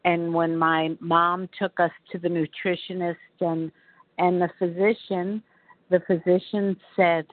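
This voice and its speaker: A woman in her seventies with a New York accent, telling her recovery story in an earnest, measured way. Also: lowish voice, flat delivery, no echo. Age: 70s. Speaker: recovery meeting speaker. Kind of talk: personal testimony. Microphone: phone. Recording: tinny phone line.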